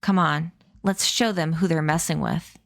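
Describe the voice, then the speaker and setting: A woman's voice: low voice, fairly even intonation, normal speed, vocal fry. A woman voicing a haughty, commanding young girl in a read-aloud story, firm and proud. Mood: defiant shouting.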